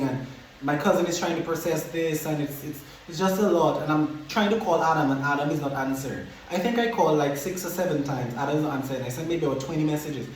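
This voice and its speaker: A man casually telling a personal story as a podcast host, animated and repeating himself as he acts out his reactions. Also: fairly high pitch. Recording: very echoey room, faint background hiss.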